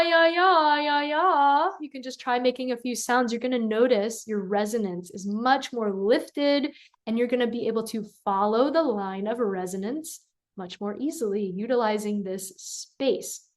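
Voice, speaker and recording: A woman vocal coach giving a singing lesson, calm and encouraging, who breaks into sung syllables to demonstrate. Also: fairly high pitch.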